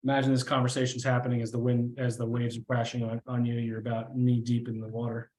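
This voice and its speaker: Young male game master, halting, filler-heavy narration, mid pitch. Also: completely flat delivery, a little mellow. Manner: halting, many fillers and restarts.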